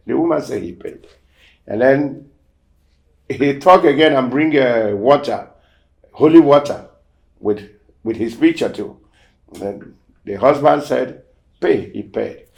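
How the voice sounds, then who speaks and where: A man hosting a show, casually telling a testimony story and acting out the quoted dialogue, swinging between loud emphasis and near-whispered asides. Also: on the low side. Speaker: show host.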